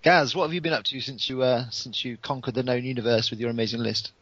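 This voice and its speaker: A man's voice: medium pitch, steady tone, fast talker, fairly bright tone, no echo. A man standing in as podcast host, teasing his guests in casual chat. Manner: teasing, laughs often. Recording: dull lo-fi sound.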